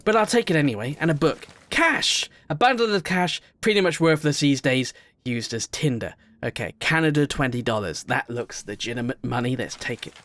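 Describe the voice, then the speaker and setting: A young male gaming video host with a medium-pitched voice gives casual let's-play commentary at a moderate pace. He rambles excitedly, sometimes shouting and swearing at what happens in the game.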